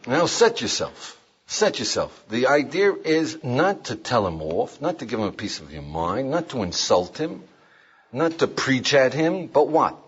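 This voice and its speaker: A man's voice: medium pitch, husky. An older man, a rabbi, giving an informal class, asking his students questions and acting out quotes. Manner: animated, asks the class questions, acts out quotes. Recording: dull lo-fi lecture recording.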